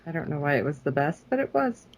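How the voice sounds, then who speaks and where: A man co-hosting a podcast, chiming in with relaxed, agreeable short reactions. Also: on the high side, quick pace. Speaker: podcast co-host. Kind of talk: casual recap chat.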